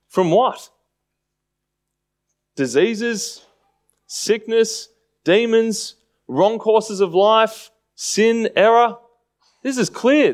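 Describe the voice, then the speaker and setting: A man's voice: sits high, slow pace, pauses often. A man preaching a sermon in a conversational way, often acting out mocking voices.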